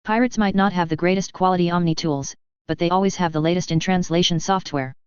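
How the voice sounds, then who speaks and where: A narrator voices a small, practical female alien in a suit, explaining things in a plain, matter-of-fact way. The natural, medium-pitched voice is fast, clear, and resonant, with no echo but a lo-fi sound.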